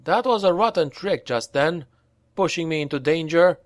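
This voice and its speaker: Guy doing a high earnest soldier boy, blunt, says what he thinks. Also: lively intonation, normal speed, lightly acted. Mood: reproachful.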